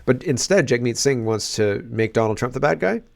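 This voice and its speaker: A man's voice: medium pitch, expressive, fairly quick, vocal fry. A man hosting a casual political commentary show, exclaiming and rambling in disbelief.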